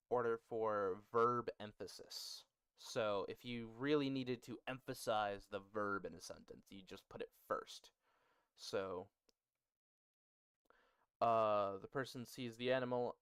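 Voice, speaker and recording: Close to his mic, a male streamer casually teaches his chat how to build a language, joking around and laughing often. His voice is fairly low, slow, somewhat bright, and smooth, with frequent pauses and no echo.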